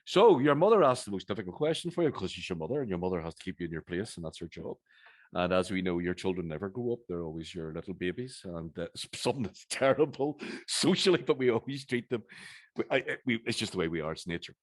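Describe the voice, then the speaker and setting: Man, Northern Irish accent, very low voice, dry close sound, chatty and halting interviewer. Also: expressive, no echo. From Northern Ireland. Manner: chatty, halting, many restarts. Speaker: host, interviewer. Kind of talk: live event conversation.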